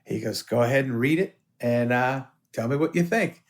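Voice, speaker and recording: A man's voice: mid-range voice, moderate pace. A man as a podcast guest, telling stories in casual chat, swearing freely and acting out the voices of people in his anecdotes. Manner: animated, swears often, acts out voices in anecdotes.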